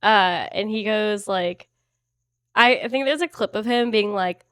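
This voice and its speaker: A woman's voice: mid-range voice, measured pace, a bit bright, smooth, no echo, clean studio sound. A woman guest on a podcast chatting casually with a friend in an apartment, laid-back and drawling some words. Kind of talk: casual chat between friends.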